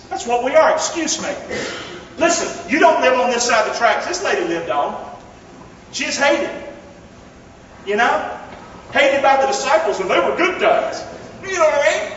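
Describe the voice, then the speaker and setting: A man's voice: very high-pitched, fairly bright tone, a little hiss or hum. A man preaching a sermon as pastor, calling on the congregation to repeat phrases back to him. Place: church hall. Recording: echoey hall from far off, dull sound.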